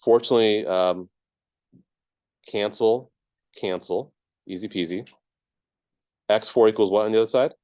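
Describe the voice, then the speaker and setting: A man's voice: on the low side, a little slow, long pauses, darkish tone, dry recording. A man teaching a math class, explaining each step casually with lots of ums and checks of "right?". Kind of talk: classroom lecture.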